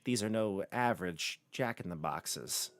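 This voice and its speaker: A man's voice: sits low, expressive, a little slow, fairly bright tone, slight background noise, pitched below the performer's own voice, heavily acted. A man voicing a scheming old hag woman who talks in a coaxing, conspiratorial way.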